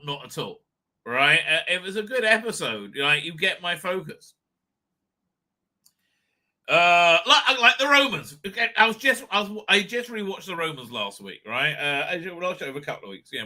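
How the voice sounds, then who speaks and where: A man giving a live reaction review in a very bright, forceful voice that sits a little high. He rambles and restarts, swears freely, and flares into loud outbursts. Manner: rambling, profane, stop-start with sudden loud outbursts. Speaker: show host and reviewer.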